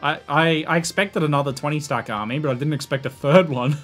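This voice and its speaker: An Australian man narrating and commentating a strategy game he plays, excitable and laughing often, shouting battle orders at his troops. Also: on the high side, a little fast, faint music behind. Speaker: gaming YouTuber. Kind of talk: let's play commentary and narration.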